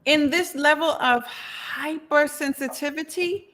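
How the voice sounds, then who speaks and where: A woman's voice: mid-range voice, moderate pace, fairly bright tone. A middle-aged woman hosting a podcast, talking emphatically and repeating her points, with frequent laughs. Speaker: podcast host. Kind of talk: casual podcast chat.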